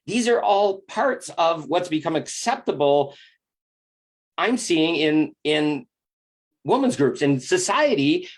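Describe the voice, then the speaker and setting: A man giving a confessional monologue about relationships. He speaks intensely and bluntly, swears freely, and sounds earnest and emotionally open. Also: sits high. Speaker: spiritual relationship coach.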